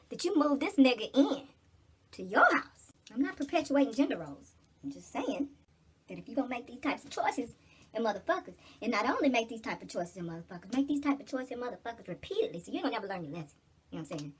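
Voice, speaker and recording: A woman's voice: a little high, breathy edge. A middle-aged woman in casual get-ready-with-me chat, blunt, preachy and full of cursing. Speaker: vlogger.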